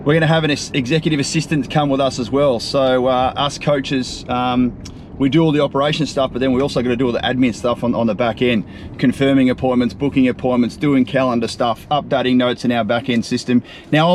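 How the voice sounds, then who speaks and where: An Australian man in his thirties chats to camera from a moving vehicle, his tone upbeat and loose, and his pitch sits in a middling range. He leans on easygoing fillers as he talks, and faint road noise hums underneath. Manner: chatty and upbeat, with frequent fillers. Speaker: property coach and show host. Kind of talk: casual to-camera vlog. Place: in a vehicle on a drive. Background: faint road and traffic noise.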